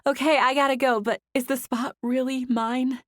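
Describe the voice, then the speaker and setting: Woman doing a young woman on the phone in an audiobook: high, quavering, breathless with relief. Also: flat delivery, normal speed, no room sound, studio quality, natural voice. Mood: elated. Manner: high-pitched, shaky, breathless. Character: young woman, tearful and overjoyed. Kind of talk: audiobook character voice.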